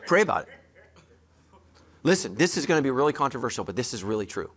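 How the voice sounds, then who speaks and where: A man's voice: medium pitch, very animated, rapid-fire. A man preaching a sermon as pastor, speaking straight to his congregation with emphatic, joking asides.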